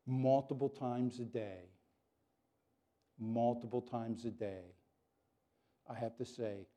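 A pastor preaching a sermon to his congregation, earnest and animated, dropping to soft prayer at times. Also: medium pitch, takes it slowly, pauses often.

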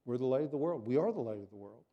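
A pastor preaching a sermon to his congregation, earnest and animated, dropping to soft prayer at times. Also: medium pitch, racing, muffled recording.

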